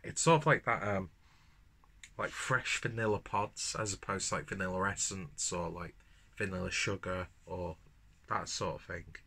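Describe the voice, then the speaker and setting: A man's voice: low-pitched, fairly even intonation, moderate pace, gravelly, pushed and bright, husky. A man reviewing a beer to camera at home, chatting casually with rambling asides and the odd swear word. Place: at home, indoors. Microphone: camera mic.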